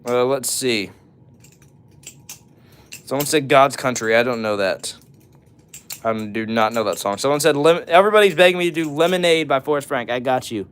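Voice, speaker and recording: Lively in intonation but with long pauses, a young man hosts a casual livestream at normal speed in a smooth, medium-pitched, fairly bright voice. He reads and answers chat in a laid-back way and occasionally breaks into short songs.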